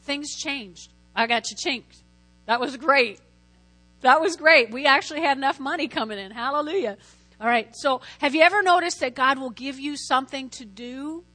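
Woman preaching, high bright voice, lively and keeps asking the crowd to answer, faint hum underneath. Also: moderate pace. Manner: lively, lots of call-and-response. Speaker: Christian teacher preaching. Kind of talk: sermon.

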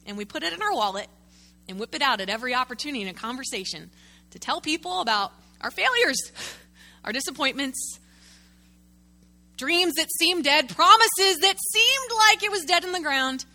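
A woman pastor preaching a sermon in an animated way, calling out to the congregation and working with a prop. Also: sits high, normal speed.

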